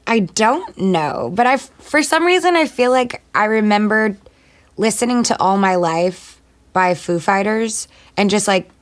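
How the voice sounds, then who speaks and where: A woman, a singer and actor, answering interview questions in a chatty, playful way and firing off quick one-word replies. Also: mid-range voice, animated.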